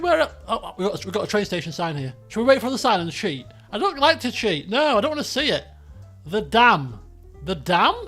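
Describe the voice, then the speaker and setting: Man, live-stream game chat, thinks out loud, laughs a lot, very animated pitch. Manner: chatty, thinks aloud, laughs often.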